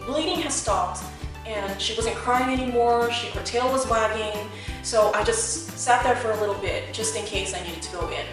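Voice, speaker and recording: A woman vlogger with a fairly high voice tells a storytime vlog at a moderate pace, chatting along with plenty of fillers. It was recorded in an echoey room on a distant mic, with faint music in the background.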